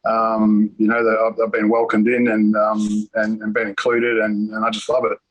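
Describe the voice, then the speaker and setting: An Australian-accented middle-aged man who grew up in New Zealand talks in a flat, level tone. He hesitates, restarts and fills pauses with "um". He is heard over a video call. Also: lowish voice, low-quality recording. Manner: hesitant, many fillers and restarts. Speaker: interviewee. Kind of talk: casual interview.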